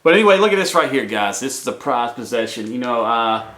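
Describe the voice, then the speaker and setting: A man casually showing off his collection to viewers in an excited, rambling way, often calling out to them as guys. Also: mid-range voice, quick pace. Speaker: collector vlogger. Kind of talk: casual show-and-tell vlog. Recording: echoey room with faint music.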